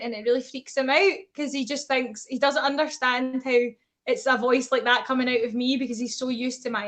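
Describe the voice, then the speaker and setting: A woman's voice: high voice, a bit bright. A woman chatting casually on a video call, telling stories with lots of giggles. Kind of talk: casual chat.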